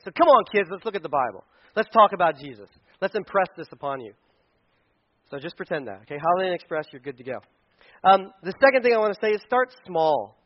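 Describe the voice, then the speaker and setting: A man's voice: fairly high pitch, sing-song, fast. A man preaching a casual, joking sermon to parents, acting out little scenes in funny voices. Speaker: pastor speaking to parents. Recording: dull lo-fi sound.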